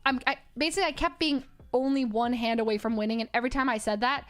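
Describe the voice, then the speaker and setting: A woman telling a story in casual chat, dramatic and quick to laugh. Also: on the high side. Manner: animated, dramatic, laughs often. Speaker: streamer.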